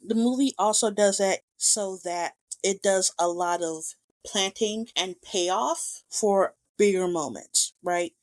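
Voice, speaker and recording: A woman hosting a casual film commentary, talking with rambling enthusiasm and gushing over scenes she loves. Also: medium pitch. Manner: enthusiastic, rambling, quick to gush. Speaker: podcast host.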